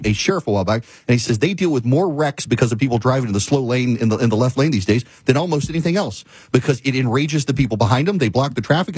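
A man hosting a talk show, telling a story in a ranting, animated way. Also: mid-range voice, husky, no echo. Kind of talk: casual monologue.

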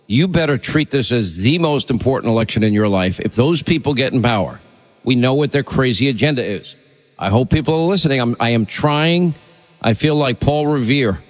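A man's voice: mid-range voice, in a large hall. Emphatic male talk radio host. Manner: emphatic, urgent, preachy.

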